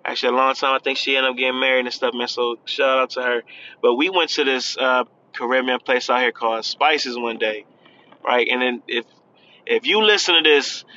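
A man's voice: medium pitch, sharp tone, highs cut off, slight background noise. A man giving casual, earnest pep talk while driving, repeating himself and calling the listener "man". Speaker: podcast host. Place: in a car, driving.

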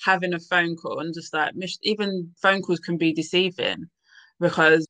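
A woman's voice: on the low side, normal speed, a bit bright, no echo, low-quality recording. A woman hosting a casual podcast chat, acting out quoted lines as she talks. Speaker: podcast host.

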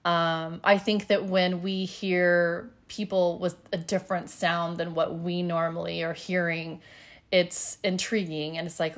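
A woman's voice: fairly low pitch, little pitch movement, a little slow. A middle-aged woman hosting a solo podcast, talking in a chatty, upbeat way with plenty of fillers. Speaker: podcast host.

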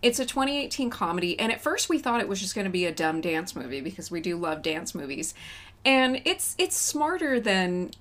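A woman co-hosting a casual chat about movies, chatty and quick to laugh. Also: mid-range voice, sing-song, a bit bright. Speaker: podcast co-host.

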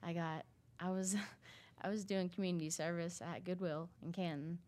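A woman talks through a personal story, circling back with fillers and restarts. Her voice sits a little low. She tells it in an easy, conversational way. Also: steady tone, a little mellow. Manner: halting, many fillers and restarts. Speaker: interview guest sharing a recovery story. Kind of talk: casual storytelling.

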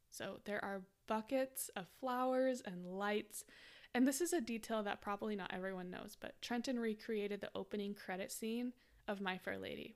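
Young female podcast host in her twenties; casual, chatty storyteller who leans on "like" a lot. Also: medium pitch. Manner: chatty, frequent "like" fillers, laughs while telling.

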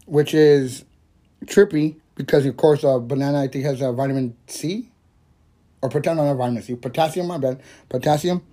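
A man's voice: fairly high pitch, mellow. A young man hosting a casual podcast, rambling loosely, swearing constantly and laughing often between thoughts. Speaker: podcast host. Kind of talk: casual stoner podcast chat.

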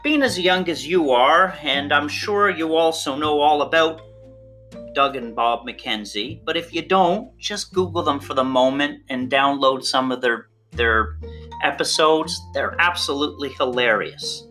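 A course instructor giving a recorded online lecture, playful and theatrical, with big swings in pitch for emphasis. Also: measured pace, bright, forceful tone, soft background music. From Canada.

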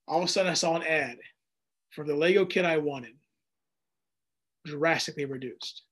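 Brief: male pastor in his thirties, high-pitched voice, lively storytelling sermon delivery. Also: moderate pace. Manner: animated storyteller, acts out dialogue in raised voice. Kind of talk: sermon with personal stories.

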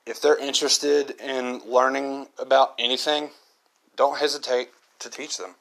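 A man's voice: medium pitch, level tone, a little slow, vocal fry, a bit bright. A man hosting his own podcast, talking in an earnest, reflective monologue and often repeating himself. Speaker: podcast host.

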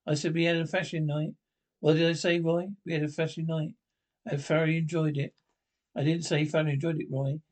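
A man's voice: on the high side, little pitch movement, brisk, close to an everyday voice. An actor playing a chatty middle-aged holidaymaker man who rambles and keeps checking with his partner. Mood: gossipy. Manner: rambling, keeps asking Roy to confirm. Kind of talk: sketch comedy acting.

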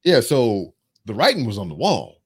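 A man in his thirties, co-hosting a podcast and telling a story in casual chat. His mid-pitched voice swings widely up and down as he tells it, and he swears freely along the way. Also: normal speed, breathy edge. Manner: profane, animated storytelling. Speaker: podcast co-host.

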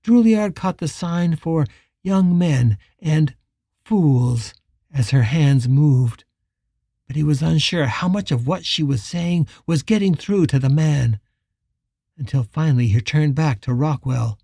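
A man reading a western novel chapter aloud as an audiobook narrator, measured and dramatic. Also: on the high side, expressive, gravelly, warm tone, husky, no echo, studio quality. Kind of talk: scripted narration.

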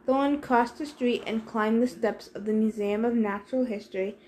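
A woman reading a novel aloud in steady first-person narration. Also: on the high side, moderate pace. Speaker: reader. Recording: echoey room, faint hiss.

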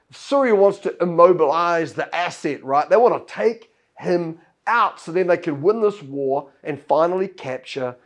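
Male pastor, higher-pitched voice, storytelling sermon delivery. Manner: storytelling, acts out Bible characters' lines.

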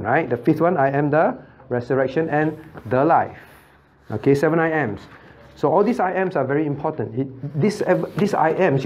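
A man's voice: mid-range voice, darkish tone, muffled recording. Pastor quizzing his Bible class. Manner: quizzes the class with frequent questions and tag checks like "right?"; chuckles often while explaining. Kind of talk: interactive Bible study teaching.

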